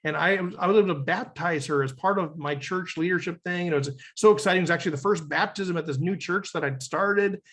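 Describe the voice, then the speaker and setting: A man's voice: fairly high pitch, fast talker, few pauses, a bit bright. A middle-aged man, talking earnestly and reflectively as a podcast guest, often tagging his sentences with "right?". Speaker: podcast guest, leadership coach. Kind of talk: conversational interview.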